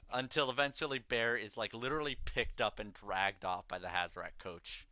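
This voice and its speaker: A man's voice: on the low side, moderate pace, bright, forceful tone, dry recording, lo-fi sound. A man narrating a tabletop game as game master, casual and rambling with many fillers.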